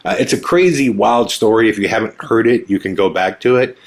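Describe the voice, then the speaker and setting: A male podcast host telling a story in a casual, animated way, often laughing and acting out what people said. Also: fairly low pitch, brisk. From Omaha area, USA. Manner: animated, laughs often, acts out quoted lines.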